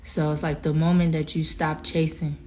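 A woman's voice: low-pitched, flat delivery, moderate pace, warm tone. Teary woman chatting casually on a livestream. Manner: casual, emotional, holding back tears, reading out viewer names. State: teary, choked up. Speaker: singer addressing livestream viewers. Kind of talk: emotional livestream chat.

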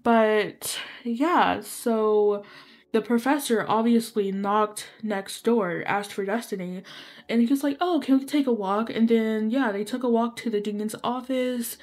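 A woman's voice: fairly high pitch, steady tone, takes it slowly, darkish tone. A young woman casually telling a story while playing, rambling with many fillers and apologetic asides. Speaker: gaming video creator.

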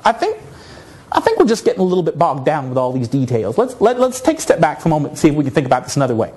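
A man quoting an easygoing, helpful male coworker who calmly takes charge in a meeting. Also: fairly high pitch, very fast, slightly rough, pitched below the performer's own voice, heavily acted.

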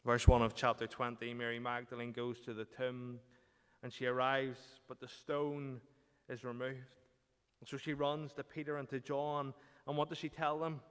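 A man delivers a sermon in a smooth, resonant, mid-range voice, using dramatic, emphatic phrasing even though his delivery is flat and his pace moderate. A long church reverb surrounds his words.

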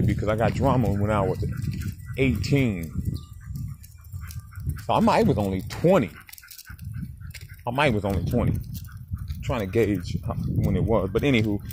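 Animated man in his forties telling stories. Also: lowish voice, background noise. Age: 40s. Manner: animated, swearing, talks straight to the viewer. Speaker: dog breeder. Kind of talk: casual storytelling vlog. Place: outdoors walking a dog.

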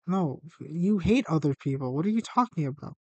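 A young man plays a video game with his girlfriend and chats as they go, teasing and joking with her. His voice sits a little high for a man. The sound is close and dry. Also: lively intonation, brisk, no echo. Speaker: streamer's boyfriend. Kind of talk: casual gaming chat.

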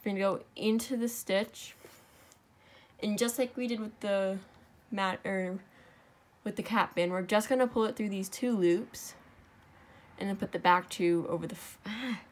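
A woman's voice: mid-range voice, unhurried, pauses often. A young woman at home giving a casual, step-by-step craft tutorial, chatty and correcting herself as she works. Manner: chatty, self-correcting, talks while working. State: out of breath.

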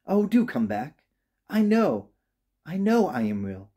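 A man voicing a small, shy, wistful velveteen toy rabbit in a storybook reading, with a high, earnest, plaintive voice. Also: wildly swooping pitch, normal speed, warm tone, breathy edge, exaggerated voice. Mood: pleading.

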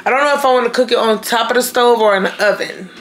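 A young woman vlogs while making dinner in her kitchen, talking in a loose, playful way and calling her viewers y'all. Her voice sits fairly high and sounds tired and a little worn. Kitchen and household noise comes through clearly behind her. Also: quick pace. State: sleepy, voice a bit worn. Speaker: vlogger. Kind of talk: casual cooking vlog. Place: home kitchen.

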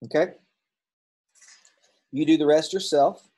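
Husky male grammar teacher. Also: fairly high pitch, steady tone, takes it slowly, mellow, poor audio. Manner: casual, explanatory, with ums and self-corrections. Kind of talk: recorded classroom lesson.

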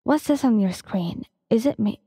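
A woman's voice: a little high, animated, normal speed, mellow, breathy edge, long reverb tail. A woman voicing a cocky young male pro hero who teases in a smug, taunting manner. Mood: teasing.

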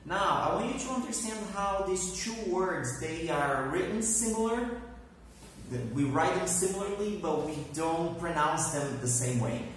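A man teaching an online English lesson, who speaks slowly and has learners repeat words after him. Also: sits high, expressive, a little hiss or hum. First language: Portuguese. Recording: very echoey room, heard from a distance.

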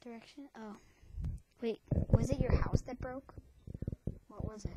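A woman's voice: on the high side, fairly even intonation, a little slow, very noisy. A woman hosting a homemade webcam show in a playful, rambling way, often dropping into a whisper. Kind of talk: casual webcam chatter.

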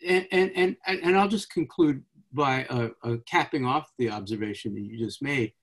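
A man hosting a casual poetry discussion over a video call, reading short translations aloud slowly and talking quickly between them. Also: medium pitch, a bit bright. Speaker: host.

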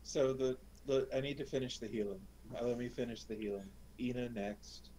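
A man playing a tabletop game in casual chat, blunt and quick to swear. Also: medium pitch, warm tone, slight background noise, low-quality recording.

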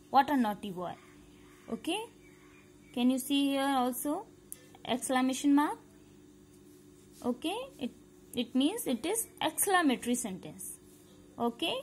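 High-voiced schoolteacher. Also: female voice, slight background noise. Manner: repetitive, checks understanding, mixes in Hindi; spells words out letter by letter. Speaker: school teacher. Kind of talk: recorded grammar lesson for young pupils.

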